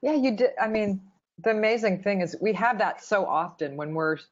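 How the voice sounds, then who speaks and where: Female radio host, middle pitch, encouraging, dull lo-fi sound. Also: normal speed. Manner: encouraging, affirming. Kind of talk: interview.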